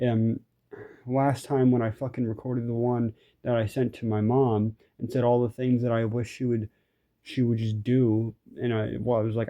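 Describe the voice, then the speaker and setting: Young man ranting, dark mellow voice. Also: medium pitch. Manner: frustrated, rambling, swears often, restarts sentences. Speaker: vlogger. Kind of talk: ranting vent recording.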